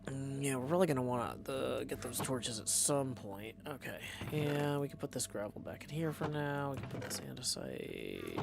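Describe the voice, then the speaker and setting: A man with a gravelly, slightly rough voice talks through a live stream as he plays, reading out chat and thanking viewers. He hums nonsense syllables and mutters to himself between dry, offhand jokes. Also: mid-range voice, fairly quick, hardly any pauses, noisy background. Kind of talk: casual livestream chat while playing.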